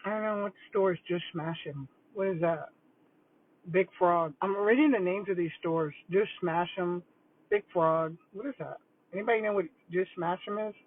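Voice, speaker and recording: A woman's voice: lowish voice, moderate pace. Older woman, retired principal type, rambling and chatty while eating; thin phone-quality sound. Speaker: retired school principal vlogger. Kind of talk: casual livestream chat over lunch. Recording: tinny phone-like dry audio.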